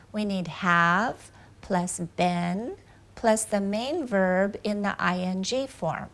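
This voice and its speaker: A woman teaching English grammar in a video lesson, explaining carefully and reading out example sentences. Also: medium pitch.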